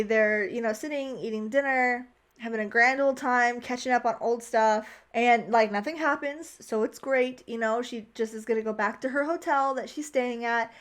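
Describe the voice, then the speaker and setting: A young woman recapping a movie in a casual, chatty way, opinionated and full of "like". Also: a little high. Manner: chatty, heavy use of "like", opinionated. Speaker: vlogger.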